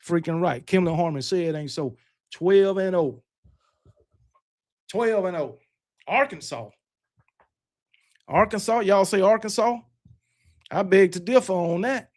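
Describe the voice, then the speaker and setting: Male stream host, high-pitched, loose boastful banter. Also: unhurried, long pauses, a little mellow. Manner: rambling, self-correcting, talks back to chat. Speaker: livestream host. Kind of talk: casual chat with live viewers.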